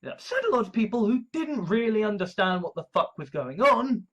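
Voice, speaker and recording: A man's voice: high voice, big pitch swings, brisk, a bit bright, highs cut off. A young man talking in a casual monologue, rambling with heavy swearing and sudden exasperated outbursts. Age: young adult. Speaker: video essayist.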